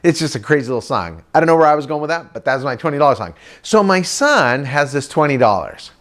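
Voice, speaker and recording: A middle-aged man doing stand-up storytelling for a crowd, his voice sitting a little high for a man. He talks in a loose, chatty way and breaks into playful sing-song impressions of the people in his story. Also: big pitch swings, fast talker, a bit bright. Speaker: comedic motivational speaker. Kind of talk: stand-up storytelling to a live audience.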